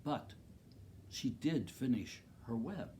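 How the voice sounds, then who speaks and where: Male storyteller for young kids: unhurried delivery, sing-song lively pitch, expressive read-aloud. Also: slight background noise. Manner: expressive, makes loud animal noises; speaks to the children directly, points out pictures. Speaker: teacher reading to second graders. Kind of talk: reading a picture book aloud to children.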